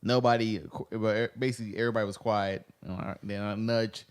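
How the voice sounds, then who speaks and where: A man's voice: on the low side, fast, clear, resonant tone. A man co-hosting a podcast in casual chat, telling stories with acted-out quotes and repeated words. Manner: animated storyteller, acts out quotes, repeats words. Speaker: podcast co-host.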